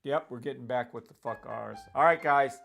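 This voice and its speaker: A man's voice: mid-range voice, moderate pace, vocal fry, fairly bright tone, faint music behind. A man hosting a live trading stream, hyped and repetitive, cheering and swearing as he talks viewers through his calls. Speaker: livestream trading host. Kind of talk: excited live trading commentary.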